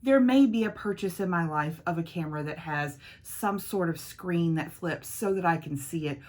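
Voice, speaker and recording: A woman's voice: on the low side, moderate pace, darkish tone. A woman hosting a casual get-ready-with-me vlog, rambling in a friendly way and talking straight to her viewers. She records on a phone in her makeup room at home. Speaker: beauty vlogger host. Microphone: iPhone camera.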